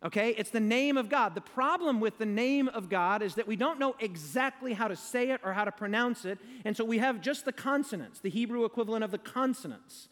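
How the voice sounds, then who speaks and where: A man's voice: extremely high pitch, a little fast, hardly any pauses, fairly bright tone, in a large hall. A man preaching a sermon to a live audience, emphatic and leading them in call-and-response.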